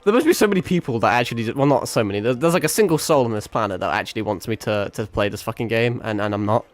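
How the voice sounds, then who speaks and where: A man's voice: mid-range voice, expressive, fast talker, no room sound. A British man with an accent that carries hints of American and South African, chatting on a game stream in a playful, rambling way, swearing freely and laughing often. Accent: British, with mixed American and South African hints. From Britain. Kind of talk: casual game stream chat.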